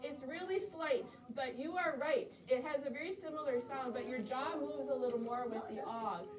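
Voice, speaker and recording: High-voiced woman teaching a classroom. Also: crowd noise. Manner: encouraging, sounds out words slowly. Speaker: second-grade teacher. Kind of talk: classroom phonics lesson. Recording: roomy classroom audio from a distance.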